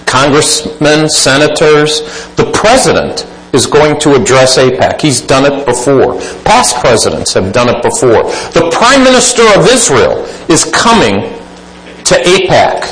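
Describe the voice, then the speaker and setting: Man giving a sermon, goes loud then quiet, high pitched, echoey church room. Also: sing-song, a little slow. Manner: emphatic, swings between loud exclaiming and quiet asides. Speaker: preacher.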